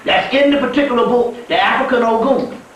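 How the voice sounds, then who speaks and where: A man giving a spiritual lecture, telling stories in a profane, animated way. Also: very high-pitched, fairly quick, slight background noise. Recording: echoey room heard from far off.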